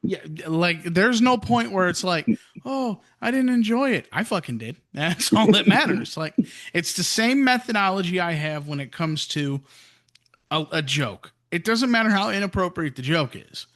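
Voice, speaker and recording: A man's voice: high voice, expressive, normal speed, fairly bright tone. A man co-hosting a podcast in casual chat, playful and cheeky, often laughing as he talks. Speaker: podcast co-host.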